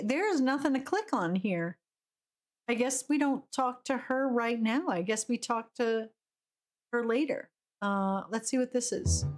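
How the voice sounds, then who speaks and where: A woman streaming a video game, chatting casually with her viewers and giggling often. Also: fairly high pitch. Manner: chatty, giggly, greets chat. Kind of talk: live game commentary.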